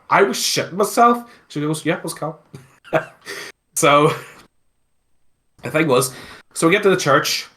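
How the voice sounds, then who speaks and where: A man with a Belfast accent, telling a story casually as an interview guest, animated and swearing freely between lots of fillers. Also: lowish voice. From Northern Ireland.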